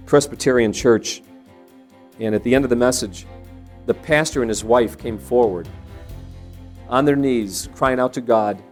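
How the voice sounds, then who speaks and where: A man's voice: mid-range voice, a little mellow. A man giving an earnest sermon-style talk on parenting, telling stories and often restarting phrases as he builds his point. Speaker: Christian parenting speaker. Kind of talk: sermon-style teaching with anecdotes.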